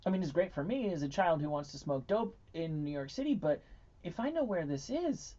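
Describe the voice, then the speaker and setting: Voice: medium pitch, big pitch swings, warm tone. Chill radio cohost telling old stories, muffled lo-fi sound. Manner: laid-back storyteller, quick to laugh. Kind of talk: casual radio chat.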